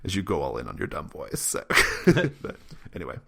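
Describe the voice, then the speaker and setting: A man hosting a podcast in casual chat, who laughs often and talks in an animated, rambling way. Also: low voice, fairly quick, vocal fry, slightly rough. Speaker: podcast host.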